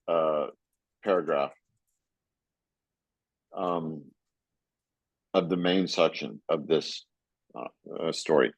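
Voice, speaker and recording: A man co-hosting a casual book chat, reading passages aloud and thinking out loud with many fillers and restarts. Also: sits low, dry recording, low-quality recording. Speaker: podcast co-host.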